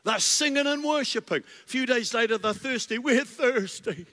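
A man preaching as a guest, animated and full of rhetorical questions and stammered restarts, in a church. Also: very high voice, brisk. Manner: animated, storytelling with acted voices. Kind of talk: sermon. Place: church sanctuary. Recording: long reverb in a large hall.

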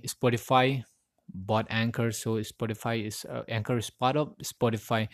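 On a solo podcast, a man with a medium-pitched voice rambles and repeats words while searching for them. He records on a USB mic plugged into his phone, yet the sound is studio quality with no room sound.

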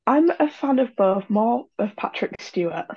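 A woman's voice: fairly high pitch, expressive, a little slow, husky, dull audio. A woman chatting as a podcast guest, giggly and hesitant with frequent ums. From Yorkshire, England. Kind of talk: casual chat.

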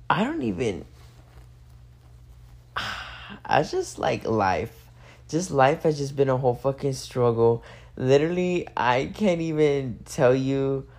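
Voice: medium pitch, darkish tone. Eighteen-year-old rambling, cursing podcast host. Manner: rambling, profane, heavy use of "like". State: a little high. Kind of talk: casual late-night solo rant. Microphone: phone.

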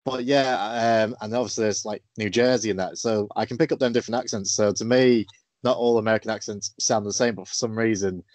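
A man hosting a casual interview, relaxed and hesitant, with many fillers. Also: lowish voice, a little fast, no room sound. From England. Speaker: podcast host.

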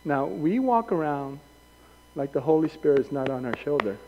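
High-voiced male pastor in a reverberant hall. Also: fairly quick, muffled recording. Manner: animated, acts out quoted voices; rambling anecdotes with self-corrections. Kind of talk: sermon. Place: church hall.

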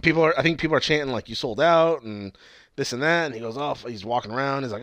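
A young man co-hosting a casual chat, retelling events in a profane, animated way with quoted voices. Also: mid-range voice, fast, no room sound. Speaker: podcast co-host. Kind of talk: casual chat recapping wrestling.

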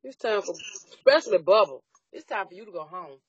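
A woman's voice: medium pitch, brisk, highs cut off, crowd noise. A middle-aged woman in casual chat, talking bluntly and telling stories with lots of profanity. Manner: blunt, profane, animated storytelling.

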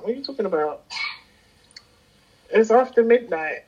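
A woman's voice: a little high, lively intonation, moderate pace, slightly rough, lo-fi sound. A woman hosting a late-night livestream in casual chat, playful and rambling, often laughing. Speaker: livestream host.

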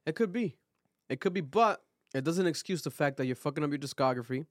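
A man co-hosting a casual podcast, pitched a little above the usual. He talks in an animated, opinionated way, full of "like" and "you know". The sound is close and dry. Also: fairly quick, dry recording. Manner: animated, opinionated, heavy filler words. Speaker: podcast co-host. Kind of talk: casual chat.

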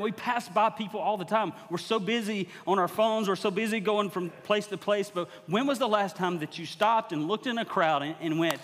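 Guest preacher, man, mid-high pitch, chatty sermon that swells to urgent exhortation, sanctuary reverb. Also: a bit bright. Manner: conversational, rising to emphatic exhortation. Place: church sanctuary. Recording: long hall reverb.

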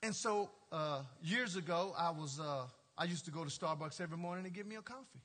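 A male pastor telling a story from the pulpit in an animated, playful way, laughing and talking straight to the congregation. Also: on the high side, brisk. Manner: colloquial, drawling "y'all" and "ain't". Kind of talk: storytelling sermon.

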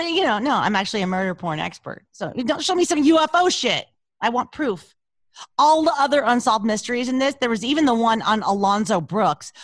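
A woman co-hosting a podcast in casual chat, brash, profane and animated. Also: medium pitch, no room sound, clean studio sound. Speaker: podcast co-host.

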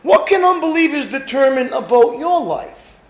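High-voiced animated male pastor. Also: normal speed, roomy sound. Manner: animated preaching, rhetorical questions to the congregation. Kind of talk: sermon.

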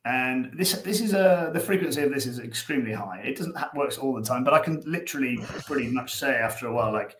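A man's voice: mid-range voice, fast, hardly any pauses, fairly bright tone, roomy sound, slight background noise. A man with an Irish accent, a guest on a casual podcast, talking in a rambling way, stumbling over repeated words and acting out little scenes. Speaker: guest, dog behaviour coach.

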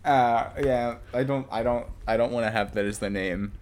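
A young man co-hosting a casual podcast, talking in a rambling, halting way and laughing often. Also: mid-range voice, fairly even intonation, darkish tone, a little hiss or hum. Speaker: podcast co-host. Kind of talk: casual chat.

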